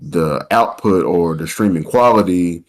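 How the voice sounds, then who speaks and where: Low-voiced male podcast co-host. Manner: halting, repeats words as he thinks aloud. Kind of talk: casual podcast chat.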